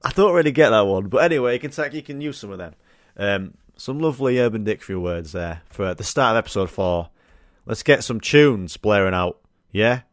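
A man's voice: on the low side, lively intonation, fairly quick. A young man hosting a solo podcast, chatting casually and swearing through rambling stories. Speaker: podcast host.

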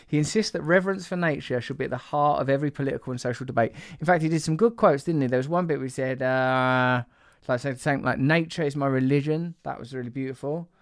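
A man's voice: medium pitch, quick pace, dry recording. A man running a loose, chatty podcast, wandering from thought to thought and slipping into playful teasing. His voice sits in an ordinary middle range and sounds close and dry, with no room around it. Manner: rambling, jokey and teasing, with many fillers. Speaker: podcast host. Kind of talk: casual podcast chat.

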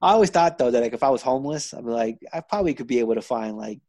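A man hosting a casual podcast, telling animated stories and acting out the people in them. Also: mid-range voice, rapid-fire, no room sound. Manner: animated storyteller, acts out quoted voices. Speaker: podcast host. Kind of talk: casual chat.

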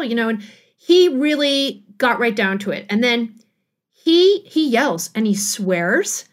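Animated high-voiced woman telling stories. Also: slow. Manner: animated, laughing, acts out quotes. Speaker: podcast guest, author. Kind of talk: casual storytelling chat.

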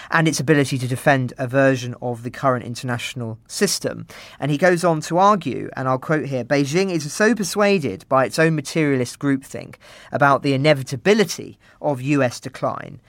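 A British man giving measured, analytical news commentary on a podcast, often quoting sources. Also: medium pitch, no echo. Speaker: podcast co-presenter.

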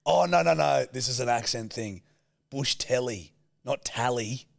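A man's voice: medium pitch, moderate pace, vocal fry, dry recording, clean studio sound. A young Australian man co-hosting a casual comedy podcast, cheeky and crude in his teasing banter. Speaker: podcast co-host.

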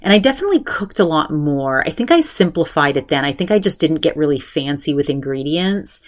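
Middle-aged woman podcast host, lower voice, rambling and animated, acts out the voices of people she quotes. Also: brisk. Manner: chatty, animated quoting voices, many fillers. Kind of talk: casual storytelling chat.

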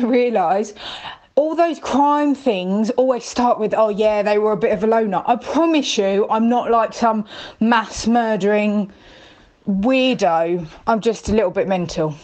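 A woman from the UK calling into a podcast with a rambling voice message. She talks nervously while pacing around and swears casually. Her voice sits at a middling pitch. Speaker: caller leaving a voice message.

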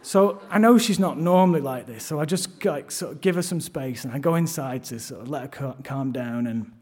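A man's voice: on the high side, a little fast, darkish tone. Man, middle-aged, self-deprecating, live storytelling, theatre stage. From London, England. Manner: self-deprecating, wry, frequent restarts. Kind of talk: live first-person storytelling.

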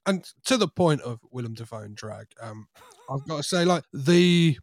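A man's voice: medium pitch, expressive, normal speed, no room sound. Thoughtful mid voiced guy, dry sound, keeps asking do you know what i mean. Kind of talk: casual film discussion.

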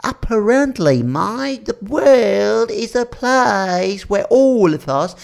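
A man doing an impression of a preachy British male comic with a British accent, drawling and high-pitched. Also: very animated, slow, creaky, exaggerated voice. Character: rambling British male anti-establishment comic.

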